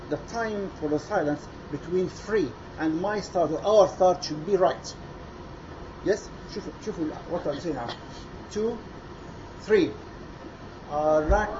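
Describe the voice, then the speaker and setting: A high-voiced male choir conductor coaches a choir during rehearsal, mixing English with Arabic and demonstrating by singing. The lo-fi recording has noise behind it.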